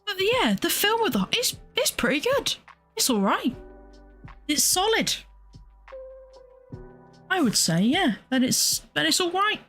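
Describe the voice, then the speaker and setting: A woman's voice: very high-pitched, big pitch swings, unhurried, long pauses, fairly bright tone, soft background music. A young woman, hosting a casual solo chat. She rambles, exclaims often and laughs a lot. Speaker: podcast host and streamer.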